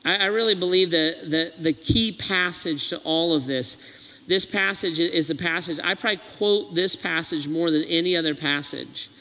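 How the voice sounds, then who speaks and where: A pastor delivers an earnest, animated sermon. His voice sits high and sounds bright and forceful. A long reverb from the hall trails behind him. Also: normal speed. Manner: earnest, animated preaching with acted quotes.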